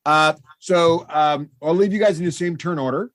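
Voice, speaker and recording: A man running a tabletop game as game master, playful and animated. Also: on the high side, moderate pace, no room sound.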